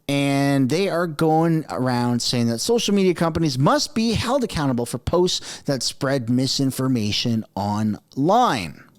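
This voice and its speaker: A man giving a sarcastic, exasperated political rant as a commentary host. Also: mid-range voice. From Canada.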